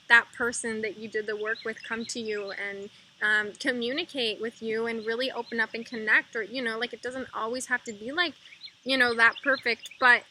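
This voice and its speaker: A woman's voice: fairly high pitch, slight background noise, low-quality recording. A woman giving a casual spiritual energy update, rambling with lots of fillers. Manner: soft repetitive mantra chanting. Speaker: intuitive energy reader.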